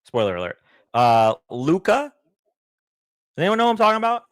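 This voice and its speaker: A man's voice: a little high, wildly swooping pitch, brisk, clean tone, no room sound, studio quality. A young man co-hosting a casual live stream, hesitant and full of fillers and restarts. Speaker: co-host.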